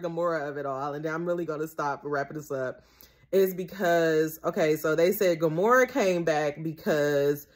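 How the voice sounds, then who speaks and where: A woman's voice: deep voice, normal speed. A young adult woman talking through her feelings in a casual, reflective monologue as a podcast host. She is candid and rambling, swears freely, repeats herself, and her voice rises when she gets emotional. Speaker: podcast host and tarot reader.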